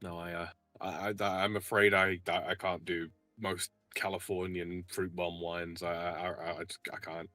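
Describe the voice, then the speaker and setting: A man's voice: low-pitched, flat delivery, normal speed, few pauses, pushed and bright, faint music behind. A man in casual stream chat, wry and dry, who stammers on his starts.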